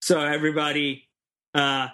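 A man hosts a casual podcast in an easygoing way. He pauses often and fills the gaps with hesitant sounds. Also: a little high. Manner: relaxed, easygoing, hesitant fillers. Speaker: podcast host.

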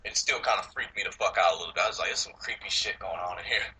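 A man's voice: low-pitched, racing, sharp tone, poor audio. A man co-hosting a podcast, chatting casually about movies, rambling, swearing and laughing often. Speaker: podcast co-host.

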